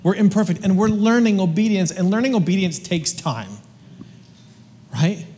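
A man's voice: high-pitched, expressive, moderate pace, warm tone, in a large hall, slight background noise. A man preaching a sermon in a casual, joking, slangy way, stumbling over restarts as he goes. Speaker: pastor.

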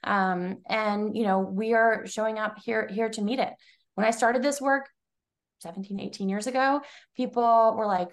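A woman's voice: mid-range voice, fairly even intonation, moderate pace. A woman in her forties, a nonprofit leader speaking as an interview guest, earnest and full of fillers and restarts. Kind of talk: conversational interview.

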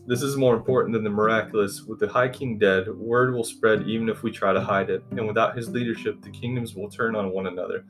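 A man reading the lines of a grave, sorrowful old elder mage in a storybook, in a measured, solemn way. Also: lowish voice, fairly even intonation, over music, close to an everyday voice.

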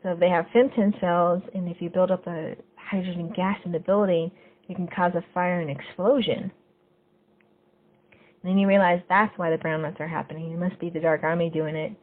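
A woman's voice: lowish voice, normal speed. Woman recapping a show over a tinny line. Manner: retells scenes step by step, lively when quoting characters. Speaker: podcast host. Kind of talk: casual episode recap. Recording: phone-like narrow sound.

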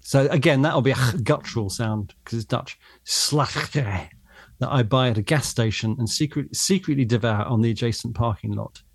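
A man's voice: medium pitch, fairly quick, hardly any pauses, dry recording, studio quality. A man in casual, playful chat, who swears freely and acts out the people he quotes.

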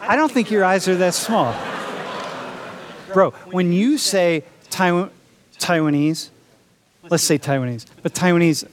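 A man's voice: high-pitched, a little slow, long pauses. A man teaching a college class, talking in a joking, casual way and calling students dude and bro. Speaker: college instructor. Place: lecture classroom.

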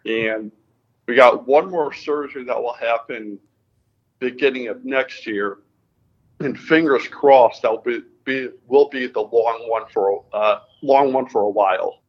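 With the high frequencies cut off, the recording carries a medium-pitched man speaking at a measured pace. This Connecticut racing driver is a guest in an informal interview, vividly retelling his story and acting out what people said.

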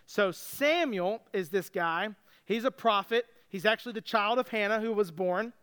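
A man's voice: sits high, normal speed, fairly bright tone, clear, resonant tone. A male pastor preaching a sermon in a casual storytelling way, with joking asides.

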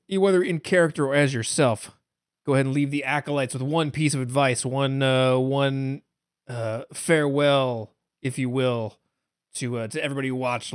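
Relaxed male host, dry sound. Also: medium pitch, no echo. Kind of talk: wrapping up a stream.

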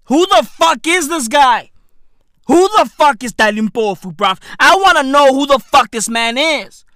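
A high, bright-voiced woman rattles off profane comedic reaction commentary, her pitch swinging wildly as she repeats lines for effect. She talks in an unhurried, drawn-out way. The sound is close and dry. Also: dry recording. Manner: excitable, swearing, repeating phrases for effect.

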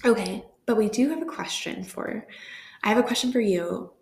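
Gravelly expressive woman, echoey room. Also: mid-range voice, normal speed. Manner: expressive and exclamatory. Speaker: podcast co-host. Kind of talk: casual chat. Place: public venue.

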